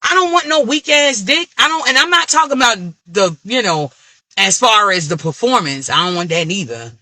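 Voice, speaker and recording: A woman's voice: medium pitch, moderate pace, dry recording. A woman with an African American Vernacular English accent, venting in a candid, blunt and profane rant to camera. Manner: blunt, profane, animated ranting. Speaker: vlogger.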